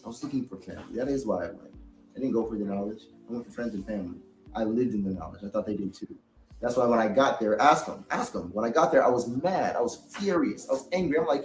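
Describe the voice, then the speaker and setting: A man of mid pitch talks in a heated, rambling way, swearing freely. His studio microphone picks up a roomy space. Faint music sits behind him. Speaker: reaction commentator. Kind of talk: casual monologue.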